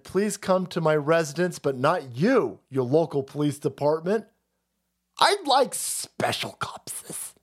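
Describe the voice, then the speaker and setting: A man's voice: high-pitched, exaggerated voice. A man putting on the voice of a panicky older man who stammers and pleads with the police.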